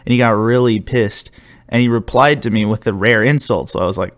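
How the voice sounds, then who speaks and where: A man's voice: mid-range voice, brisk. A young man co-hosting a podcast, chatting casually, rambling and laughing as he stumbles and restarts. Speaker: podcast co-host. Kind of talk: casual chat.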